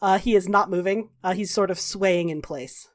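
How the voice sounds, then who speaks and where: A woman narrating a tabletop game as game master, swearing casually and slowing down for drama. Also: medium pitch. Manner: laughs while narrating, drawn-out dramatic pacing.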